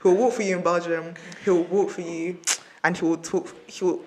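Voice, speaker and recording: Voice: medium pitch, little pitch movement, normal speed, a little hiss or hum. A podcast host who chats casually in a playful, effusive way and signs off upbeat.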